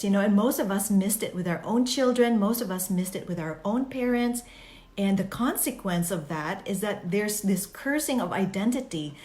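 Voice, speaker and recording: A woman host speaks in a casual, earnest way and shares personal matters openly. Her pitch sits at a middle height. She rambles through fillers and restarts, and her voice echoes around the room.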